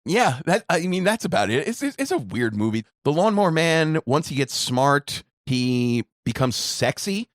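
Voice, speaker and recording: A man's voice: fairly high pitch, big pitch swings, moderate pace, hardly any pauses, no echo, studio quality. A middle-aged man co-hosting a casual movie-review podcast, rambling with restarts and frequent laughs. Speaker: podcast co-host.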